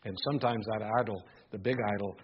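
An older man preaching a sermon, reading scripture aloud and moving between hushed musing and rising, emphatic exhortation. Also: on the low side, steady tone, quick pace, dull audio, a little hiss or hum. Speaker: pastor.

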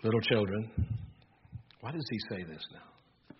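Older preacher with a husky voice. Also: male voice, lowish voice, animated, unhurried, highs cut off. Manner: reads scripture aloud, alternates hushed musing with rising emphatic preaching. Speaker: pastor. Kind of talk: sermon.

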